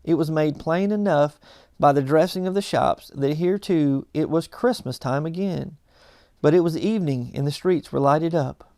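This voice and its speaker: A man's voice: on the high side, darkish tone, dry recording, clean studio sound. Man narrating a classic novel. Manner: measured storytelling. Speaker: audiobook reader.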